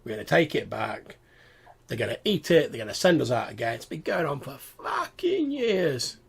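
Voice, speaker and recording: A man's voice: mid-range voice, animated, fairly quick, gravelly, breathy edge. A man voicing a crude, grumbling male goblin forager who talks in coarse slang.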